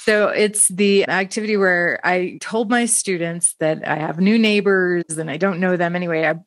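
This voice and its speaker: A woman's voice: fairly low pitch, normal speed, no room sound, clean studio sound. A woman hosting a panel discussion on teaching, telling classroom stories in an enthusiastic, affirming way. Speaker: podcast host and educator.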